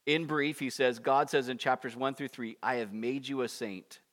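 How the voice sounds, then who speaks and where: A man preaching a conversational expository sermon, with animated asides and acted-out prayers. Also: medium pitch, normal speed. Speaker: pastor.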